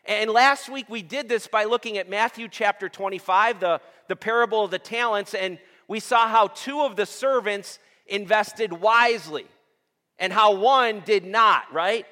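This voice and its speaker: This pastor's voice is high, bright and forceful, delivered a little slowly. Preaching in a sanctuary full of long hall reverb, he asks his congregation questions and pauses for their replies, call-and-response fashion.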